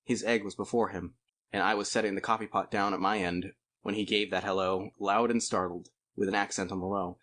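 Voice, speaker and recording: Man, audiobook narration, low voice, conversational, first-person storytelling. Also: fairly even intonation, a little fast, fairly bright tone. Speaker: audiobook reader.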